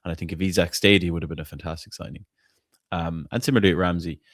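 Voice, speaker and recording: A blunt male podcast host chats casually about football in a low, deep voice, talking fast with fairly even intonation. Opinionated and swearing freely, he stumbles and repeats words while making his case. The recording is dry and close, with no room sound.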